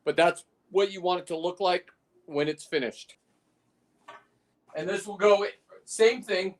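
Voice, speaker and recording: A man's voice: sits high, measured pace, distant mic. A man in casual chat, rambling and talking through a demonstration as he works. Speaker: guest on a fishing livestream, lobster preparer. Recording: away from the mic.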